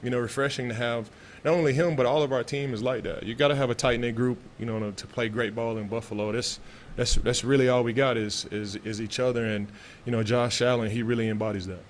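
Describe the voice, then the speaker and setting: A man's voice: mid-range voice, fairly even intonation, fast talker, hardly any pauses, a little hiss or hum. A man from Texas, a pro football player answering press questions in a loose, laid-back way with many restarts.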